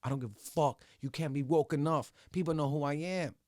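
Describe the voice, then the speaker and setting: A man's voice: fairly high pitch, fairly quick, a little mellow, dry recording, clean studio sound. A man hosting a solo podcast, talking bluntly and profanely in a heated rant. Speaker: podcast host.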